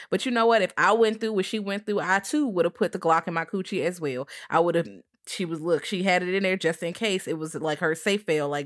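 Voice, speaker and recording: A woman with a low voice, talking as a podcast co-host. Her tone is blunt and conversational, and she swears freely while giving her take on the film. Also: moderate pace, hardly any pauses. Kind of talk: casual movie recap chat.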